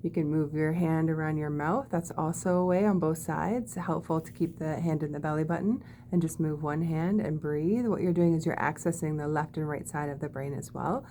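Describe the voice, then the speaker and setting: A woman teaching body-calming techniques in a gentle, demonstrative way, often checking in with "okay?". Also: sits low, normal speed, few pauses, slight background noise. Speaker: wellness teacher. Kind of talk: guided body-calming lesson.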